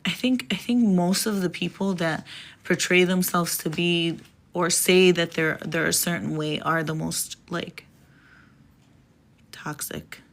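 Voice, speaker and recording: A woman's voice: on the low side, fairly even intonation, measured pace. A young woman chatting on a phone live stream, rambling and laughing often, and reading her own poem.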